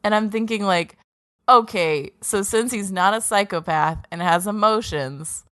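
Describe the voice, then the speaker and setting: An anime podcast co-host recaps episodes in a sarcastic, swearing, casual way, acting out the characters' lines. Her mid-range voice is fairly bright and a little slow, recorded in a clean studio with no room sound.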